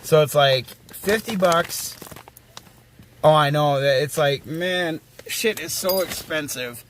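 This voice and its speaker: A man's voice: a little high, slow pace, fairly bright tone, slight background noise. A man hosting a casual livestream, rambling and swearing freely as he reads and answers chat messages aloud. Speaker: livestream host.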